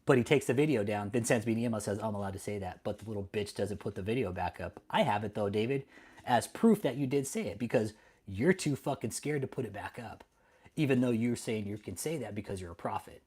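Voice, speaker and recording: A man's voice: lowish voice, expressive, fast, a little mellow, breathy edge. A middle-aged man from Texas, hosting an angry, profane commentary rant full of defiance and swearing. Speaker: host.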